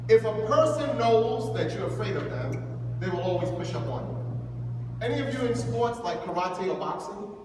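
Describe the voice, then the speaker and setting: A man giving an animated lecture to young people, acting out the voices of the people he quotes. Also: high voice. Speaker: imam giving a youth lecture. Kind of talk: lively motivational lecture. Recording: echoey hall from far off, faint noise.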